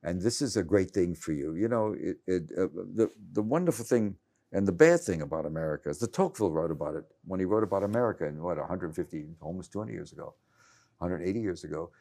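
Older man with a low, dark voice. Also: expressive, fast. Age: 70s. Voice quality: cranky. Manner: rambling, many restarts and stammers. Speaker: journalist guest. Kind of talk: conversational interview.

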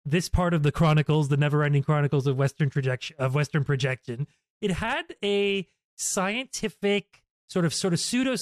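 A man's voice: fairly high pitch, animated, moderate pace, no room sound. Rambling man on a dry close mic. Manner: rambling, many fillers and restarts. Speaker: podcast host. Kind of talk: casual political chat.

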